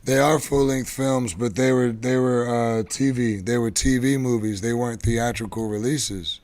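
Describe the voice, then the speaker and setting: A man hosting a casual live show, rambling along with lots of halting restarts. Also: mid-range voice, steady tone, a little mellow. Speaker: show host. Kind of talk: casual live-stream chat.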